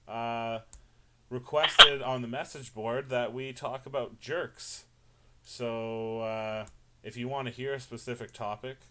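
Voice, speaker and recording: A man's voice: mid-range voice, sharp tone. A man co-hosting a casual chat podcast, joking dryly in loose banter. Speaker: podcast co-host.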